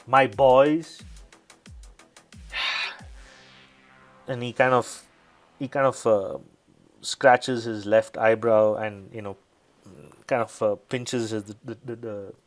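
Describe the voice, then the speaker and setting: A man runs a tabletop game and describes the action in a loose, rambling way. His voice sits low, and faint music plays behind him. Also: steady tone, unhurried, poor audio. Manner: casual, rambling with fillers. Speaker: game master.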